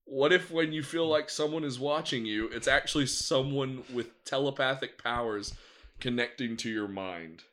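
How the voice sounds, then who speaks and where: A man's voice: mid-range voice, normal speed, fairly bright tone. A man co-hosting a casual podcast, swearing a lot and arguing his point. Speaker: podcast co-host. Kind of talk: casual chat.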